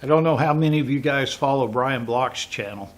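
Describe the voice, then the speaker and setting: A middle-aged man with a Texas accent, hosting a vlog and jokingly pitching a run-down warehouse as a workshop. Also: brisk. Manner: teasing, mock sales pitch. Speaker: woodworking channel host.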